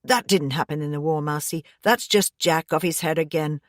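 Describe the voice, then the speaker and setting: A woman's voice: sits low, moderate pace, no echo, studio quality, close to an everyday voice. A woman reading the lines of a tense, frustrated middle-aged father in an audiobook, curt and defensive.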